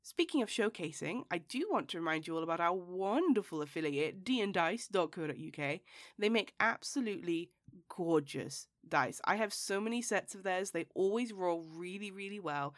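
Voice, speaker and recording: A woman with a hoarse, raspy voice from being sick hosts a tabletop game podcast. She talks in a chatty, thankful way and often repeats her words for emphasis. The rough tone carries through the whole read. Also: medium pitch, a bit bright, dry recording, clean studio sound. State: hoarse from illness. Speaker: game master and host. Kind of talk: podcast intro and sponsor read.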